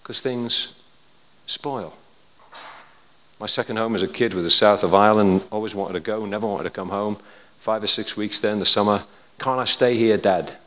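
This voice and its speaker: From the pulpit, an older preacher delivers a sermon full of chatty stories, dropping to near-whispered asides before rising to firm emphasis. His fairly low, steady voice moves at a moderate pace and echoes with the long reverb of a large hall.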